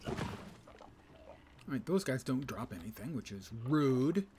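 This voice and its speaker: A man's voice: mid-range voice, sing-song, a little slow, background noise. A man streaming a game live, talking wryly to himself and reading quest text aloud. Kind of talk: casual live gameplay commentary.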